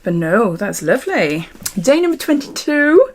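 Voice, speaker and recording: Middle-aged British woman with a fairly high voice, a friendly vlogger talking off the cuff into her phone at home. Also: sing-song, a little slow. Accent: British English. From United Kingdom. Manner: chatty, chuckles often, thinks aloud. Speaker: beauty vlogger. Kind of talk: casual unboxing chat.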